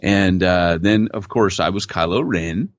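A man's voice: low voice, a little slow, dry recording. A man co-hosting a podcast, telling stories in casual chat with laid-back slang over a remote call mic. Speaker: podcast co-host. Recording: dull lo-fi dry audio.

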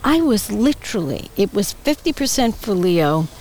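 Older woman telling lively stories. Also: medium pitch, moderate pace, a little hiss or hum, poor audio. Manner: lively storyteller, acts out quoted voices, laughs often. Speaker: guest, retired politician. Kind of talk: casual interview chat. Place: outdoor bar patio.

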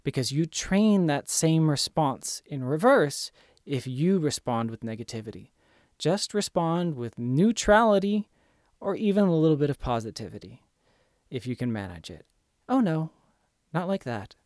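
A man's voice: fairly high pitch, big pitch swings, normal speed, a little mellow, no echo, clean studio sound. A man giving earnest, emphatic self-help instruction in a coaching tone. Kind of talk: motivational instruction.

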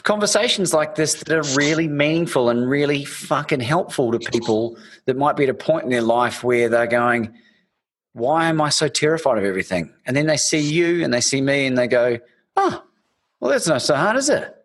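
Aussie podcast host, bit husky, rambly storyteller, lots of "and, and" restarts. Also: male voice, medium pitch, a little fast. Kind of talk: casual interview chat.

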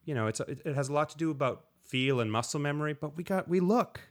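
A man's voice: a little high, fast. A man, a slide guitarist, talking casually in an interview, rambling a little and often restarting his sentences. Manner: relaxed, rambling, with frequent restarts and acted-out quotes.

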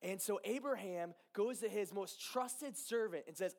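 Delivering a relaxed, lively sermon, a high-voiced young man retells a Bible story, scattering fillers and asides and briefly acting out the dialogue.

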